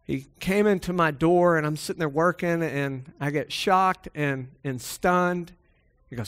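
A man's voice: on the high side, moderate pace. A man preaching a sermon that starts as a personal story and builds to emphatic exhortation, speaking to a room that is also streamed online.

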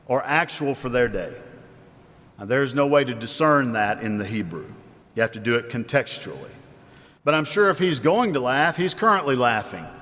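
A man's voice: mid-range voice, fairly bright tone. A man, a father, preaching a sermon in a conversational way, asking his listeners questions as he explains a Bible passage. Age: adult with children. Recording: long hall reverb.

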